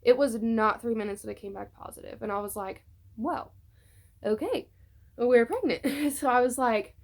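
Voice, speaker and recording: A young woman vlogs at home, talking casually to her phone on a tripod as she tells a personal story full of fillers. She becomes tearful at times. Her voice is a little high, brisk, and marked by vocal fry.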